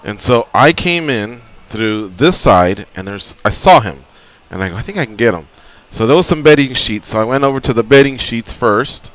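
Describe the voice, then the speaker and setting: A man who is a regular on a radio talk show, telling stories in a lively way and acting out the scenes. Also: medium pitch, normal speed, hardly any pauses, smooth. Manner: animated storyteller acting out scenes. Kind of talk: casual radio chat.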